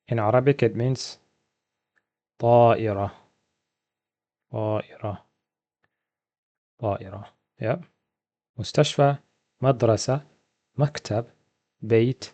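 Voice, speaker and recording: Guy teaching a beginner vocab class off slides, asks then says each word slow twice, middle pitch. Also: a little mellow. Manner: repeats each word slowly, asks and answers himself. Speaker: Arabic teacher.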